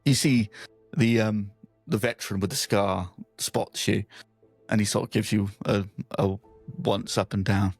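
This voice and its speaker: Gravelly man running a tabletop game. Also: on the low side, fairly even intonation, no room sound, soft background music. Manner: laughs often, quick asides. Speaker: game master.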